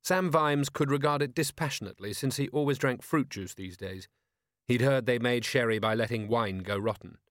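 A man narrating an audiobook in a wry, expressive way, recorded in a studio. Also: mid-range voice, moderate pace, no room sound.

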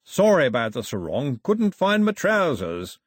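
A man's voice: mid-range voice, huge pitch swings, a little slow, dry recording, studio quality, voice pushed up. A man voicing a flustered, jolly old male bishop who chatters in a bumbling way, in an audiobook reading. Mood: chatty. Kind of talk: audiobook character voice.

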